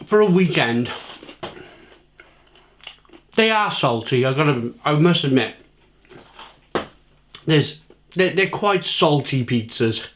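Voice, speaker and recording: A man's voice: on the high side, expressive, takes it slowly, long pauses, fairly bright tone, slight background noise. A British man in his thirties chatting casually to camera as a food reviewer, repeating himself and talking while he eats.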